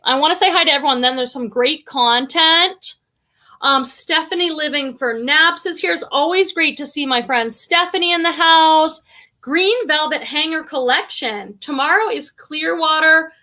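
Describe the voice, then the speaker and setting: Her voice is high-pitched with a sharp edge. This middle-aged Boston-area reseller, who has a slight local accent, chats casually on her livestream, reading comments aloud and welcoming viewers by name.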